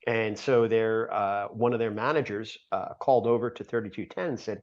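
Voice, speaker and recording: A man guest on a podcast telling a rambling story in a casual way, full of "uh"s and quick laughs. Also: on the low side, muffled recording. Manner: rambling, filler-heavy, laughs often mid-story.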